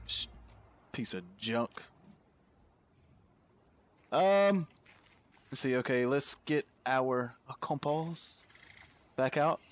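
A man's voice: mid-range voice, expressive, very slow, pauses often. A man giving casual let's-play commentary, chatting to his viewers and easily startled into yelps and laughs. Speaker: gameplay commentator.

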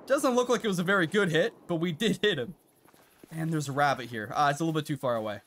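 A man streaming a hunting game live, chatting to viewers and reacting out loud to what happens on screen. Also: fairly high pitch, fast, slight background noise. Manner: chatty, reacts loudly with laughs and gasps. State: out of breath at times. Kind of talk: live gameplay commentary.

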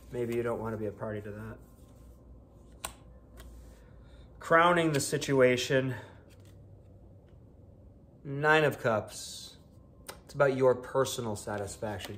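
A man's voice: mid-range voice, slight background noise. A man from Buffalo, New York, giving a casual, chatty tarot reading with playful exclamations. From Buffalo, New York, United States. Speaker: tarot reader.

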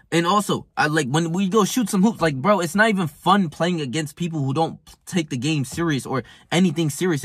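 A young man in his twenties holds forth in a boastful, cursing vlog rant. His voice sits fairly high with a husky grain, and it sounds dry and close. He often slips into loud, mocking put-on voices. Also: no echo. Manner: brash, profane, boastful ranting. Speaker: self-improvement vlogger. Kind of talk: casual monologue to camera.

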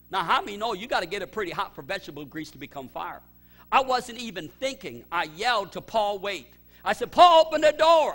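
A middle-aged male pastor telling a personal story in a sermon, his voice swinging from loud excited bursts to low quiet emphasis.

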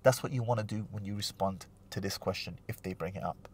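A man's voice: deep voice, a little fast, a little mellow, a little hiss or hum. A man, hosting a casual advice vlog in a playful, slangy way and acting out little quoted voices as he tells a story. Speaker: relationship advice host.

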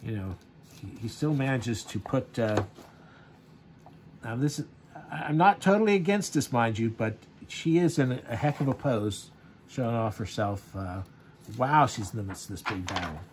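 A man's voice: mid-range voice, expressive, normal speed, slight background noise. A man casually reviewing a comic, rambling with many fillers and chuckles.

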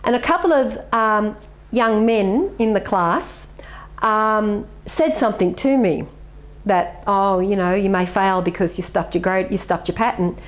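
Woman, middle-aged martial arts master, interviewee, earnest and animated, mid-range voice. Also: mid-range voice, unhurried. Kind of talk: reflective interview answers.

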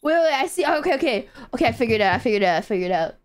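A woman streaming a game, playful, giggly and excitable, talking to her chat. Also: a little high, racing.

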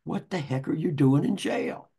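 A man's voice: on the high side, normal speed, vocal fry, mellow, husky. An older man, an author, telling anecdotes in a rambling conversational way with many restarts. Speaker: author and guest. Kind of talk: conversational storytelling.

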